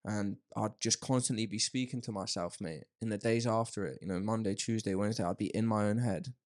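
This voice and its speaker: A man's voice: lowish voice, brisk. A young man chatting candidly on a podcast, rambling and calling his listener "mate". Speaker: podcast host. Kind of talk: casual podcast chat.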